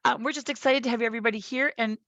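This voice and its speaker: A hoarse woman giving brief, self-deprecating welcome remarks on a video call. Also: a little high, steady tone, very fast, fairly bright tone, no echo, highs cut off. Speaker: organization representative.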